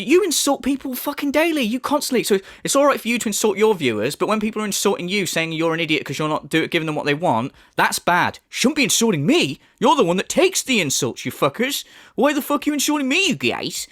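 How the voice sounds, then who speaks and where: A man delivering sarcastic, profane reaction commentary in a higher-than-usual male voice. His pitch swings widely as he mocks and scoffs. The recording is dry and close. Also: very animated, fast, fairly bright tone, no echo. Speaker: commentary channel host.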